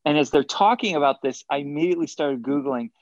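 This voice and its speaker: A man as a guest in a casual interview, telling animated stories and acting out quotes between chuckles. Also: on the high side, fast, dry recording, muffled recording. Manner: animated anecdotes, acts out quotes, chuckles often. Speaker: guest athlete.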